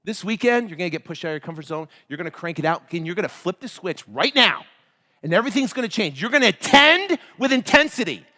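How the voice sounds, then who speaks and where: A man revs up a live crowd at a seminar, pitching his voice high and swinging it all over. His tone is bright and punchy, and he keeps breaking into shouted chants. A long reverb from the big hall trails every line. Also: animated, quick pace. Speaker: motivational speaker. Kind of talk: live motivational seminar speech. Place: large event hall.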